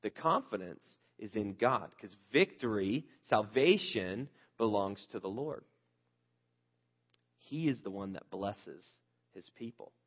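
A man's voice: fairly low pitch, lively intonation, takes it slowly, slightly rough, lo-fi sound. A male pastor preaching a conversational sermon, earnest and candid, asking the listeners rhetorical questions.

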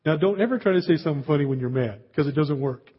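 A man's voice: fairly high pitch, expressive, fast, husky, highs cut off. A man preaching a sermon as pastor, telling a humorous everyday story with chatty asides to the congregation.

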